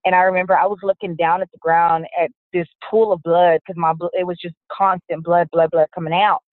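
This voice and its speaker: A woman, a guest telling her own story in an interview, frank and steady, with many fillers. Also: fairly low pitch, fairly quick, dry recording. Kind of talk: personal testimony interview. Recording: dry, tinny phone-line sound.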